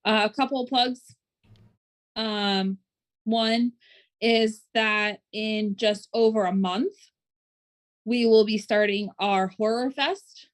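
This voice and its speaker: A woman's voice: mid-range voice, steady tone, slow, long pauses. A woman co-hosting a casual podcast chat, running through plugs with plenty of "um" fillers. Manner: chatty, many "um" fillers, doing show plugs. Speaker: podcast co-host.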